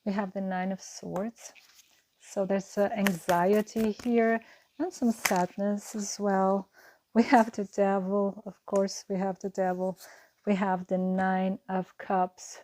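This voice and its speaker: A woman's voice: mid-range voice, flat delivery, takes it slowly, darkish tone. A woman giving an earnest, reassuring tarot reading to camera, musing and repeating her phrases as she goes. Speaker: tarot card reader.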